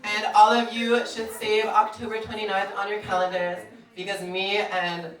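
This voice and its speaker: Deadpan stand-up woman, echoey club. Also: medium pitch, moderate pace. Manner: deadpan dark jokes, often laughing. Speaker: stand-up comedian. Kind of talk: stand-up comedy set. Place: comedy club stage. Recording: echoey club from far off, noisy.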